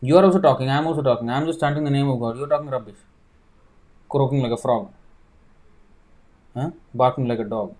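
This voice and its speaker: A man's voice: medium pitch, brisk, pauses often, darkish tone. A man, a spiritual teacher answering viewer questions in a livestreamed sermon, emphatic and fond of rhetorical questions.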